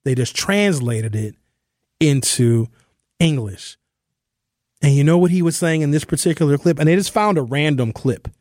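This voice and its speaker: A man hosting a talk radio show, delivering an opinionated, conversational monologue that slows down and speeds up for emphasis. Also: fairly high pitch, a little mellow, no room sound, studio quality.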